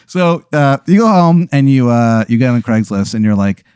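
A man spinning an improvised comic scenario in second person, rambling with many fillers in a deadpan way. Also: mid-range voice, moderate pace, clean tone, dry recording, studio quality. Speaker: host running an improvised scenario. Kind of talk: casual comedic storytelling.

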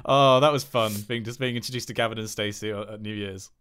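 A man's voice: fairly low pitch, fairly even intonation, fast talker, fairly bright tone, clean tone. A young man, co-hosting a casual podcast and spinning silly scenarios while laughing often. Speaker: podcast co-host. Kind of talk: casual chat.

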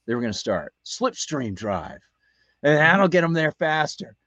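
A man's voice: on the high side, very animated, unhurried, a bit bright, dry recording, muffled recording. A man co-hosting a talk radio show, telling a rambling story with many restarts. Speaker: radio co-host. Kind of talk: casual anecdote on talk radio.

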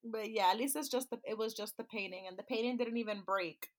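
A woman's voice: fairly high pitch, quick pace. A woman co-hosting a podcast, telling stories in casual chat with lots of laughter. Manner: animated storyteller who laughs often. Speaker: podcast co-host.

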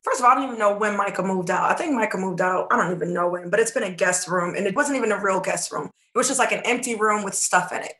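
A woman coaching on faith in a casual podcast chat, telling a lively story and acting out the dialogue, sometimes dropping to a hushed voice. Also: mid-range voice, fast, hardly any pauses. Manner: animated storytelling, acts out quoted dialogue.

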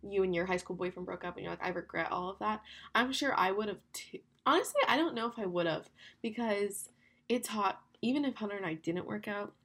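Creaky-voiced chatty young woman. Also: medium pitch, animated, fairly bright tone. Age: young adult. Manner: chatty, candid, fast with lots of "like". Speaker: podcast host. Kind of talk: casual solo podcast talk.

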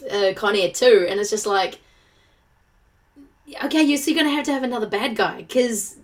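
A woman co-hosting a podcast, talking about films in an animated, opinionated, chatty way. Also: medium pitch, moderate pace. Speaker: podcast co-host. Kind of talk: casual chat about movies.

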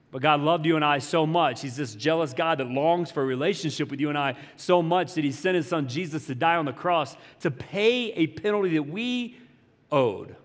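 A man's voice: on the high side, long reverb tail. A man preaching a sermon as pastor, talking in a casual, conversational way with slangy asides and playful voiced quotes.

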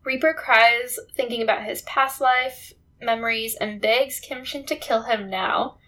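A woman co-hosting a casual chat recapping a TV drama, telling the story in a relaxed way with frequent laughs. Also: a little high, unhurried. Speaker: podcast co-host.

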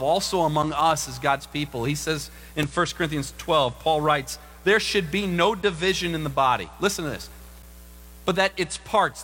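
A middle-aged man preaching a sermon as pastor, animated and acting out voices in the stories he tells. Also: a little hiss or hum. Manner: animated, acts out quoted voices with big pitch jumps. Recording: long reverb of a large room.

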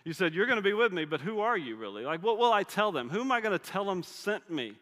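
A man's voice: sits high, very animated, quick pace, a bit bright, pitched above the performer's own voice. A man voicing an anxious, self-doubting man pleading with God, his questions tumbling out. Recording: long hall reverb.

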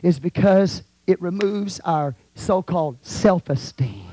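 A man preaching a fiery sermon as pastor of his church, swinging from hushed asides to shouts. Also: high-pitched, animated, slow pace. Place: church sanctuary.

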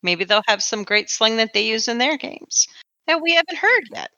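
Female podcast co-host, bright and tense tone, hesitant delivery, dry muffled recording. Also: fairly high pitch, animated, normal speed, dry recording. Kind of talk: casual chat. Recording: dull, dry lo-fi sound.

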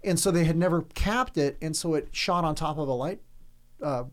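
Casting: man, slightly higher pitch, animated storyteller on a chatty podcast, laughs often. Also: moderate pace. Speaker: podcast co-host. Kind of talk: casual storytelling chat.

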